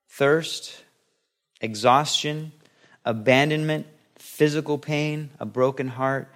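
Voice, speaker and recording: A man preaching a sermon, earnest and emphatic, reading a story aloud with dramatic weight. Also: mid-range voice.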